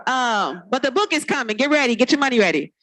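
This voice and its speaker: A woman's voice: fairly high pitch, lively intonation, fast, fairly bright tone, poor audio. A woman from California giving a heartfelt, playful award acceptance speech on an awards ceremony stage. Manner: heartfelt, playful, speaks to the crowd.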